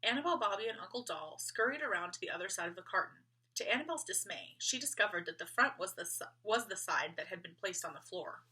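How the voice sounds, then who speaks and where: Woman reading a children's book, gentle, lively pitch, bright breathy voice. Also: fast. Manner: gentle, expressive. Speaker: storyteller. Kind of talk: children's book read-aloud.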